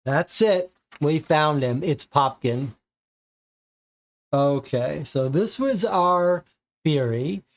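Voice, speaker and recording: A player reading aloud and thinking out loud through a cooperative detective board game. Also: mid-range voice, lively intonation, takes it slowly, long pauses. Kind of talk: narrating and musing over a co-op board game.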